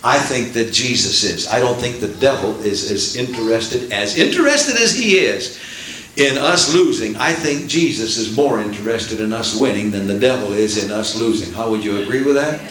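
A man preaching a sermon in a folksy, animated way, swelling into excited outbursts, heard from a distance in an echoey church. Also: mid-range voice, moderate pace, slight background noise. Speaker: pastor. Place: church sanctuary.

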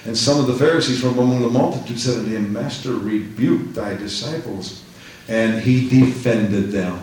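A man preaching a rousing sermon in church, shouting rhetorical questions and acting out scripture. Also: mid-range voice, brisk. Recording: echoey church from far off.

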